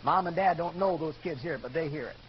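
Older guy preaching, telling his own story, high voice, kinda dull muffled recording with faint hiss. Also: quick pace. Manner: earnest storytelling, rises to shouting when quoting. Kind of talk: sermon testimony.

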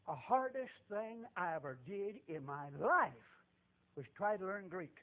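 A man preaching a folksy, emphatic sermon in a church, swinging between shouts and hushed tones. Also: high-pitched, sing-song, a little slow. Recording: tinny phone-like recording.

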